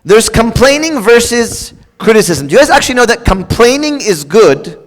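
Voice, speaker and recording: At a moderate pace, a man with a very high, sing-song voice gives a chatty, joking sermon to his congregation, full of casual fillers and restarts. A large hall lends the recording long reverb.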